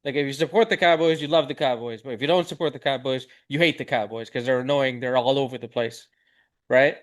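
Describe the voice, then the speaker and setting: A man's voice: mid-range voice, quick pace. A man co-hosting a podcast over a video call, explaining things casually and often checking in with "right?". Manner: easygoing, explains with rhetorical "right?". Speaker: podcast co-host.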